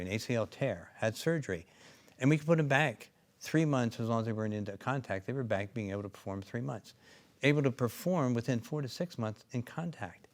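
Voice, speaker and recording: A man co-founder and clinician telling stories in an interview, rambling with many asides and restarts. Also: mid-range voice. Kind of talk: interview storytelling.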